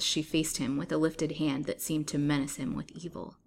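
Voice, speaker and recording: A woman reading a serialized novel aloud as a storyteller, in a steady, measured way. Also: deep voice, gravelly.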